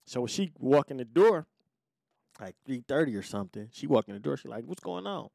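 A man tells a story from his younger days on his podcast, speaking loosely and swearing in nearly every sentence. He slips into other people's voices to act out their lines. His voice sits at a middle pitch, and the recording is dry and close, with no room sound. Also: lively intonation, brisk, gravelly, warm tone, no echo. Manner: profane, acts out quoted lines. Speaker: podcast host. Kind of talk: casual storytelling.

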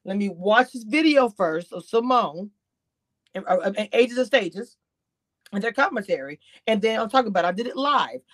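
A woman giving chatty, animated reality-TV commentary on a livestream, talking straight to her chat. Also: fairly high pitch, no room sound. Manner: grows exasperated and incredulous. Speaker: YouTube commentator.

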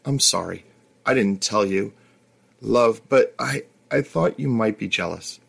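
A man's voice: on the low side, a little slow, vocal fry, fairly bright tone, breathy edge, full character voice. A man voicing a teasing young woman. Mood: soft.

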